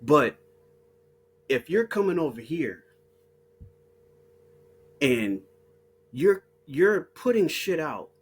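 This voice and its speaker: A man's voice: on the high side, fairly bright tone, husky. A man from the United States in an unscripted, profane rant as an online commentator, blunt and heated, laughing between points.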